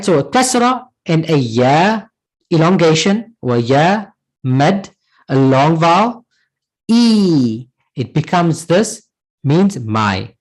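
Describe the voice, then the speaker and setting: A male language teacher running a class, his pitch rising and falling a lot as he explains. He talks patiently, repeats each word and keeps asking "right?" to check the class follows. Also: rough recording. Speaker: Arabic teacher. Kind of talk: online class lesson.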